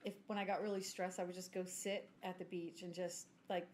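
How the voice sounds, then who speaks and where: A woman, telling a story in casual podcast chat, self-mocking and clearing her throat now and then. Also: lowish voice, level tone, fairly quick, a little mellow, a little hiss or hum. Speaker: podcast co-host.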